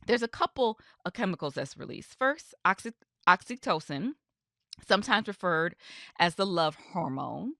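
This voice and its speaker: Bright, lively woman telling a personal story. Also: mid-range voice, dry recording, studio quality. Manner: candid, conversational, with frequent "you know" asides. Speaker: podcast host and reverend.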